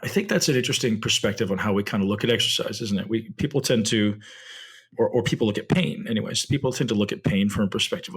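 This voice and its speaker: Husky, low-voiced man musing aloud. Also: fast talker. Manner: reflective, asks rhetorical tag questions. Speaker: podcast host. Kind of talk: solo podcast monologue.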